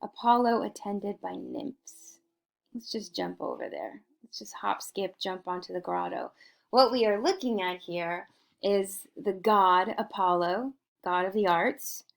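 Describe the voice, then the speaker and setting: Playful woman with a gravelly voice. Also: mid-range voice. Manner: playful and theatrical, with mock-aristocratic asides. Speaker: art history teacher. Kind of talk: lively recorded art history lecture.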